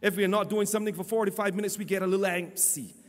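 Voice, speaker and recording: A man preaching a storytelling sermon, animated, stammering and repeating his words. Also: high voice, fast. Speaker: lay preacher and church teacher. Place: church hall. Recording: long church hall reverb.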